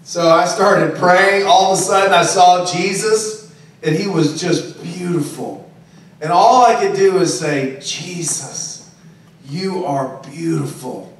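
Brief: male pastor, high voice, preaching loosely and conversationally, miked from afar in a very echoey room. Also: a little slow. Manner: conversational preaching with frequent "okay?" and "right?". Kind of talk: sermon. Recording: very echoey, distant room recording.

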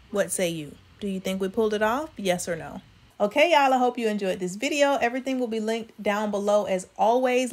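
A woman hosting a fashion vlog, chatting casually with viewers about outfits. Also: medium pitch. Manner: chatty, addresses viewers as y'all. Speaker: fashion vlogger. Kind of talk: casual styling commentary.

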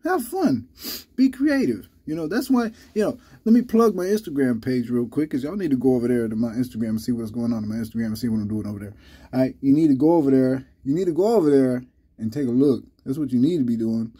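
A man hosting his channel in casual, rambling vlog talk, halting with many restarts, a little under the weather. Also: medium pitch, lively intonation, dark tone, husky. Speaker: channel host.

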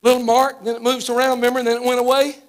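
High-pitched Southern preacher man. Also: level tone, racing. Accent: Southern American. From Arkansas. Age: 50s. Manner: fervent, storytelling, folksy with repetitions. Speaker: guest preacher. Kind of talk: live church sermon. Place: church sanctuary.

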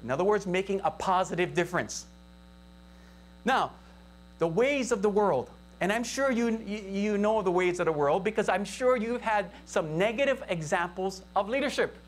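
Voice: mid-range voice, animated, normal speed, a little hiss or hum. A pastor with a Hawaii local accent preaches a conversational sermon and keeps asking the congregation questions. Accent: Hawaii local English. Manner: conversational, asks the congregation for responses. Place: church service, live-streamed.

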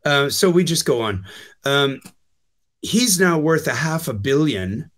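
A man's voice: fairly high pitch, animated, unhurried, fairly bright tone. A Canadian man talking casually as a guest on a call, with many fillers and restarts. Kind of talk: casual chat.

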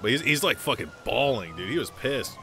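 A man's voice: mid-range voice, sing-song, a little fast, pushed and bright, soft background music. A man livestreaming in casual chat, joking and swearing, laughing often as he talks.

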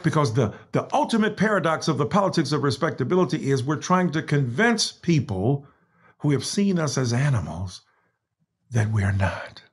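A man's voice: mid-range voice, very animated, normal speed, slightly rough. An American man in a video call, reading aloud in an impassioned, emphatic way and stopping to apologize. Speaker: guest author. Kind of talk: reading aloud in a virtual talk.

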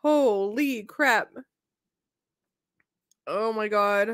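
A woman's voice: a little high, very slow. A woman reacting to a video, gushing and laughing over animals until tearful.

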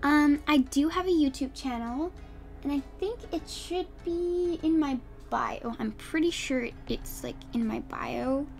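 A high-pitched young woman chats casually on a live stream. She talks at an unhurried pace, rambling through fillers with frequent giggles. Faint music plays underneath. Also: vocal fry.

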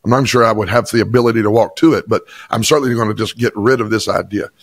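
A man's voice: fairly low pitch, steady tone, quick pace, slightly rough, no room sound. A pastor from Chattanooga, a man, telling an emphatic personal testimony in an interview. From Chattanooga, Tennessee. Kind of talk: interview storytelling.

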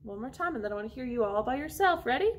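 A woman music teacher leading an online lesson for young children, talking slowly and encouragingly and singing short phrases with an instrument. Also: fairly high pitch, expressive.

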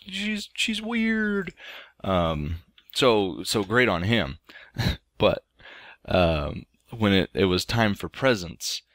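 This thirty-something man's deep voice comes through a dry recording as he hosts a game playthrough. He spins a casual story over the gameplay, often saying um and restarting.

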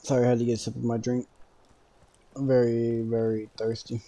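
A young man casually commenting on his gameplay for viewers, joking around and now and then bursting out in loud excitement. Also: mid-range voice, fairly quick. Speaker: gaming streamer.

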